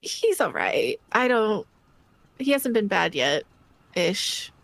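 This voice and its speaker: Slow-speaking woman player, lively pitch. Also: gravelly, no echo. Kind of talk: casual tabletop game chat.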